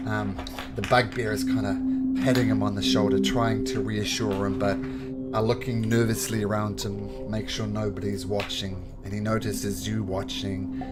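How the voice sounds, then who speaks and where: Halting man running a tabletop game. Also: fairly low pitch. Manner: halting, with many fillers. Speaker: game master.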